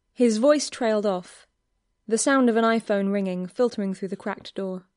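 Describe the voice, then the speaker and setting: A woman reading a fan fiction story aloud as narrator in an even, clear telling. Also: medium pitch, normal speed, no echo, studio quality.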